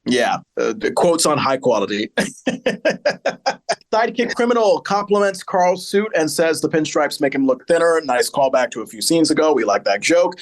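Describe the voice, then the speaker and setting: Guy podcast host, kinda high voice, joking around recapping a sitcom. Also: expressive, moderate pace. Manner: chatty, joking, reads plot notes aloud.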